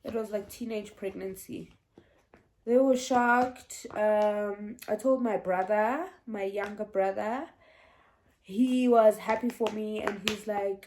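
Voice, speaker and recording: A woman's voice: medium pitch, a little slow, darkish tone. A young woman telling a casual storytime vlog, chatty and meandering, often restarting and laughing. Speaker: vlogger.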